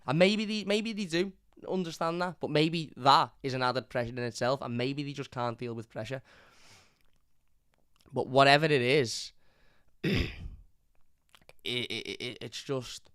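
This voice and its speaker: A man's voice: mid-range voice, fairly even intonation, measured pace, pauses often, a bit bright, smooth, no echo, clean studio sound. Frustrated man ranting about his football team. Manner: frustrated, repetitive, swears often. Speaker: football fan channel host. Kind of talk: live match review rant.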